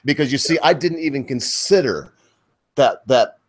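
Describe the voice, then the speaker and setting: A man's voice: mid-range voice, animated, normal speed. A man in his forties with a North Carolina accent, hosting a casual podcast chat and rambling and joking as he goes. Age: 40s. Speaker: podcast host.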